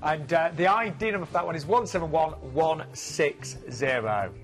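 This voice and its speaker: A friendly man with a northern English accent runs through cruise prices and inclusions in a fairly high voice. Faint music plays beneath his shopping channel pitch. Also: very animated, normal speed, fairly bright tone. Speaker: cruise sales presenter. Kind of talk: shopping channel sales chat.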